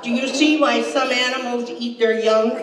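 Dry, deadpan and quoting voices, an older woman works a laughing stand-up audience in a hall. She talks at normal speed in a slightly high voice. Heavy background noise, hall echo and crowd laughter come through the distant mic.

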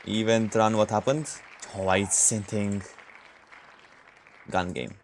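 A man streaming a shooter game with viewers, reacting excitedly and swearing, his voice jumping high when shocked. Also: slow pace, a faint crowd, slight background noise. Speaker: gaming streamer. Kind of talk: casual live game commentary.

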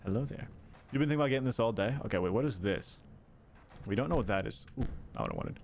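A man streaming a game, thinking aloud, reacting excitedly and chatting with his viewers. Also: fairly low pitch, racing, a little hiss or hum. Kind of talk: casual gameplay commentary. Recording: clear music playing behind the voice.

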